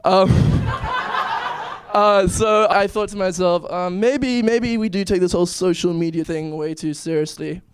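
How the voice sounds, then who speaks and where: A young man from South Africa tells jokes in a stand-up set, nervous and self-deprecating. His voice sits fairly high for a man. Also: very animated, a little slow, smooth, no room sound. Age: 20s. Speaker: stand-up comedian and YouTuber. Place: comedy club stage.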